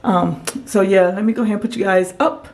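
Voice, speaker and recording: A woman vlogger telling a casual story to her camera, animated and acting out what people said. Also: fairly quick. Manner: animated storyteller, acts out quotes in a higher voice. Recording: echoey room.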